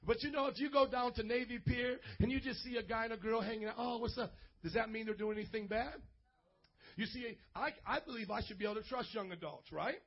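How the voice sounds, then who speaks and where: A man preaching a lively sermon as a pastor, playful, calling for responses and acting out little scenes. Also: extremely high pitch, brisk. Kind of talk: energetic sermon to youth. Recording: dull lo-fi recording.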